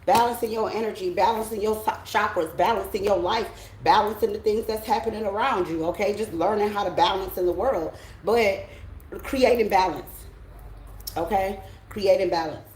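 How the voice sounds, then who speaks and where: A woman's voice: medium pitch, normal speed, darkish tone, reverberant, slight background noise, low-quality recording. A middle-aged American woman giving a blunt, emphatic spiritual pep talk as a tarot reader, often checking in with her listeners.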